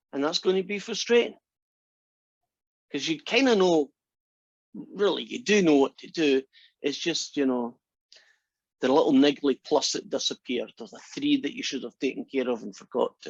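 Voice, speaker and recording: A man's voice: on the high side, husky, dry recording. Guy teaching a math class, jokey and chatty, muffled lo-fi classroom recording. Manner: chatty and joking, talks through steps conversationally. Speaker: math instructor. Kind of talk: casual classroom lecture. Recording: dry, dull lo-fi lecture recording.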